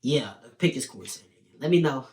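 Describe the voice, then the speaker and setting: A young man giving opinionated, animated fight predictions in a casual video commentary. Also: mid-range voice. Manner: opinionated, animated, talks in quick bursts with restarts. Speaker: sports betting and fight prediction host.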